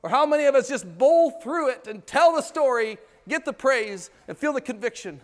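High-pitched guy preaching hard, loud then hushed, church hall echo ringing long. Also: animated, moderate pace. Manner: impassioned, swinging between loud pleading and hushed intimate asides; rhetorical questions to the congregation. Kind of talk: sermon.

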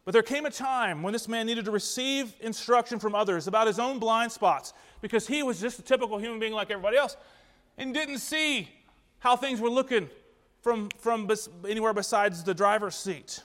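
A man with a high voice preaches to a congregation, earnestly asking the pews for answers. His voice carries through a church hall with a long, trailing reverb. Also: brisk, a bit bright. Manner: asks the congregation questions, earnest. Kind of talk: interactive sermon. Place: church sanctuary.

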